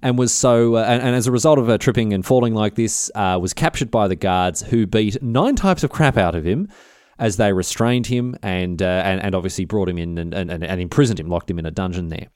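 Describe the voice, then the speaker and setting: A man's voice: fairly low pitch, fairly quick, darkish tone, clean tone, dry recording, clean studio sound. A man hosting a history podcast, telling stories in a slangy, irreverent, casual way. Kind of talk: casual comedic storytelling.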